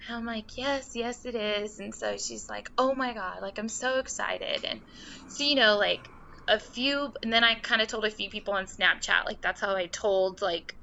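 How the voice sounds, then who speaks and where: A woman's voice: medium pitch, normal speed, vocal fry. A young woman, a podcast guest, telling a story casually and acting out the voices of the people she quotes. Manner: animated, acts out quoted voices. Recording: slightly dull sound with faint noise.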